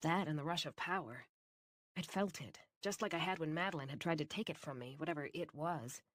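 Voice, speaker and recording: A woman narrating a fantasy audiobook in first person, with a wry, brisk storytelling manner. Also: low voice, no room sound.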